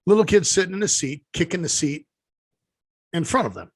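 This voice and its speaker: A man with a fairly high voice tells a long, meandering anecdote and stops often to restart his sentences. His speech carries the easy looseness of casual podcast chat, recorded close and dry with no room sound. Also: sing-song, a little fast, breathy edge, no echo. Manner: rambling storyteller, many fillers and restarts. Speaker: podcast co-host.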